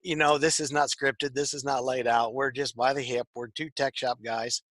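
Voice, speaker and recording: A man's voice: medium pitch, level tone, moderate pace, fairly bright tone, no room sound. A man co-hosting a casual tech chat show, rambling and repeating his words. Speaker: podcast co-host. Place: tech shop.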